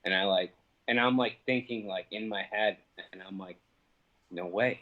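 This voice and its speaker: Low-voiced man telling a heated, profane story. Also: normal speed, phone-quality sound. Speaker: interview guest, professional fighter. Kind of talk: casual phone interview.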